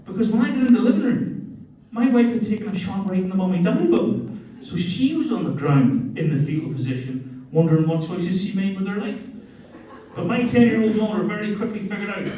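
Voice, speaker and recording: A man's voice: high-pitched, a little fast, heavy reverb, recorded from a distance, rough recording. A man in his forties with a Northern Irish accent, telling crude family stories in a stand-up comedy set. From Northern Ireland. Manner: crude, storytelling, animated. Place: comedy club stage.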